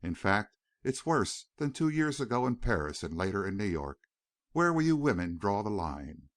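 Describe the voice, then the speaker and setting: A man reading a gentle, wistful young veteran. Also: on the low side, sing-song, normal speed, dry recording, studio quality.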